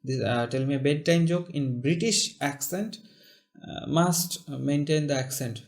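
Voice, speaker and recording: A man with a Bengali accent casually testing an AI, halting and repeating himself, later flat and despondent. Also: a little high, creaky. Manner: halting, restarts often, turns flat and despondent. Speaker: channel host testing an AI. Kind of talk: casual chat with an AI.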